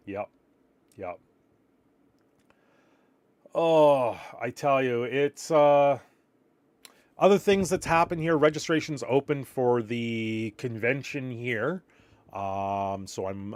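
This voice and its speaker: A man's voice: mid-range voice, darkish tone, no echo. A man from Canada, rambling through a casual live stream, reacting to viewer chat and a little tired.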